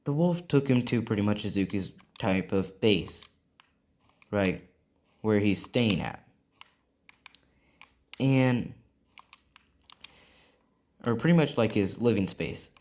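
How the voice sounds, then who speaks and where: A man's voice: medium pitch, animated, takes it slowly, long pauses, a little mellow. A man improvising a fan story aloud, rambling and adding "right?" after many lines. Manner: rambling, full of fillers and "right?".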